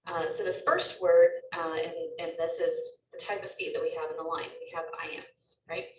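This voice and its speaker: A woman's voice: lowish voice, little pitch movement, normal speed, roomy sound, distant mic, a little hiss or hum, poor audio. A woman teacher giving a recorded lecture, explaining step by step with frequent ums.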